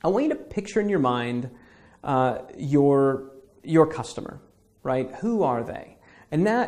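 A man's voice: a little high, dark tone. Man guiding a marketing visualization. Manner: conversational, checks in with repeated "okay?" and acts out imagined callers. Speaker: marketing instructor. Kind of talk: guided visualization lesson.

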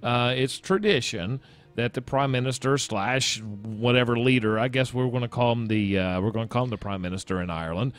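A man's voice: mid-range voice, a little fast. A man hosting a podcast, chatting casually and stumbling over his words as he rambles through facts and laughs along. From United States. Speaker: podcast host. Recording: faint music underneath.

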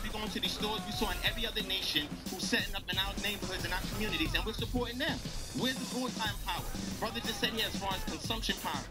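A man giving an emphatic, streetwise speech to young people, lecturing and preaching about the community. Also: sits high. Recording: loud hip hop music behind.

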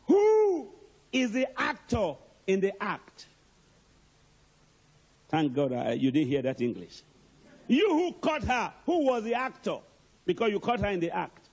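A male preacher delivers an emphatic sermon and calls out to the congregation for answers. His voice is high and husky, and it swings widely in pitch. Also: huge pitch swings, a little slow, pauses often, a little mellow. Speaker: archbishop, preacher.

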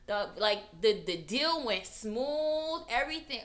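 A woman vlogger casually telling a personal story, animated and acting out the people she quotes. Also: a little slow, few pauses. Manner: animated, acts out quotes with big pitch jumps.

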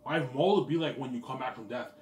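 A man's voice: medium pitch, fast talker, a little mellow, roomy sound, distant mic, a little hiss or hum. A man talking casually to his viewers in a rambling, boastful, profane monologue. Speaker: vlogger.

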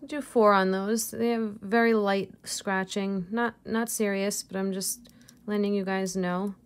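A woman's voice: mid-range voice, steady tone, a little slow, smooth. A woman reseller chatting casually through an unboxing, gushing over each piece and laughing at herself. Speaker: jewelry reseller vlogger.

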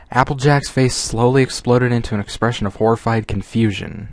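A man's voice: mid-range voice, a little fast, hardly any pauses. A man reading fan fiction aloud and breaking off with exasperated sighs, asides and laughter.

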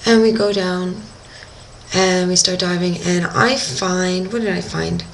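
A woman's voice: lowish voice, fairly even intonation, measured pace, gravelly, slight background noise, rough recording. A young woman working as a dive instructor, telling a diving story in a casual video diary and acting out her own reactions.

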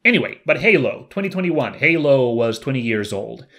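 A man's voice: mid-range voice, very animated, moderate pace, fairly bright tone. A man hosting his channel's retrospective in a rambling, self-deprecating way, full of "like". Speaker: YouTube channel host. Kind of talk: casual retrospective commentary.

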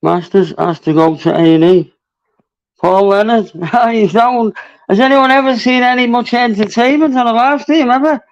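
A man hosting a live stream, excitable and laughing, swearing freely. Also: very high-pitched. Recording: dull lo-fi stream audio.

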